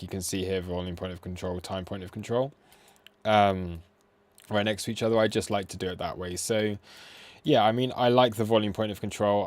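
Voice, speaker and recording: A man's voice: deep voice, darkish tone. A young man from the UK hosting a live crypto trading stream, chatting casually and poking fun at himself as he answers viewers. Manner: chatty and self-deprecating, reacting to chat. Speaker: crypto trading livestream host. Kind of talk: casual livestream chat.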